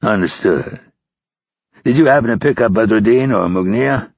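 A male narrator plays a gruff senior intelligence officer, impatient and profane. His voice is low and husky. It is recorded dull and dry. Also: moderate pace, a little mellow, no room sound. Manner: blunt, impatient, swears often.

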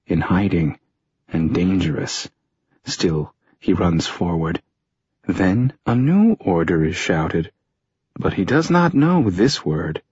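A low, husky male voice reads an action story with slow, deliberate weight, each line measured and dramatic. The recording is dry and close, with a somewhat dull, lo-fi sound. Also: a little mellow, dry recording. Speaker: audiobook narrator. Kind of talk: scripted narration.

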